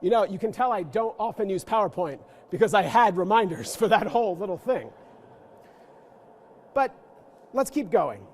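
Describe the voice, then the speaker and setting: Male guest lecturer, high-pitched, playful and self-deprecating, leading a church forum audience. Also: very animated, normal speed, pauses often, a little mellow. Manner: playful, self-mocking, joking asides.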